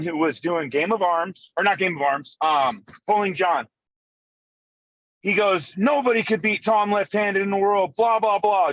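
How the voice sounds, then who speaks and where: A man telling a story over a phone call while driving, excitable and full of profanity. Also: on the high side, no echo. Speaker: podcast co-host. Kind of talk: casual storytelling chat. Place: in a car, driving.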